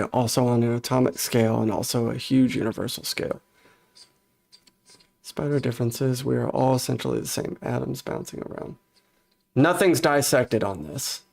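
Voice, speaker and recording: Male streamer, gravelly mid-pitched voice, rambles through a laid-back reaction stream, close desk mic. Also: darkish tone. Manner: thinking aloud, loose and rambling.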